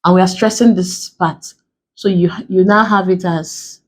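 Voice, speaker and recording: A woman with a Nigerian accent teaching an exam prep English lesson, explaining slowly and repeating key terms. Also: lowish voice, fairly even intonation. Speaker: English tutor.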